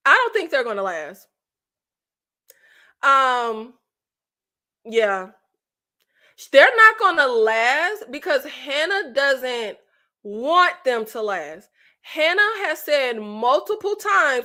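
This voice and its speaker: Casting note: woman host, high bright voice, blunt and exasperated casual commentary. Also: takes it slowly, pauses often. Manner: animated, exasperated, blunt with swearing. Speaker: channel host reviewing reality TV.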